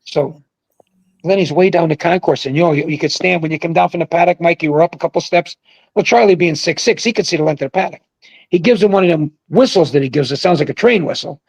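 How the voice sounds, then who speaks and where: An older man spins rambling, animated stories as a guest on a video call, raising his voice whenever he quotes someone. His voice is gravelly and husky, a little high for a man, and sounds dry and close. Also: fast talker, no echo, poor audio. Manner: rambling, animated storyteller who shouts out quoted lines. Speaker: guest, former pro bowler. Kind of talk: casual storytelling on a livestream. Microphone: video call mic.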